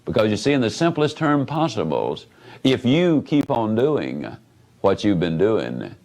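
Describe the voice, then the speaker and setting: A man with a lowish voice delivers a motivational speech a little slowly, telling folksy tales with animated energy. It's an archival talk on a low-quality recording.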